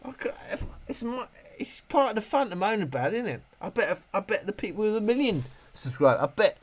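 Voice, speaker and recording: Very animated and a little fast, a man with a high-pitched voice hosts a casual livestream reviewing speakers. He rambles, jokes, and moans, laughing frequently and swearing.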